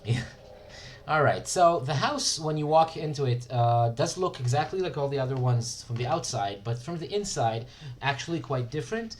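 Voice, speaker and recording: A man's voice: mid-range voice, animated, moderate pace, a little hiss or hum. Hesitant male game master. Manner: hesitant, lots of filler. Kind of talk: narrating a tabletop game.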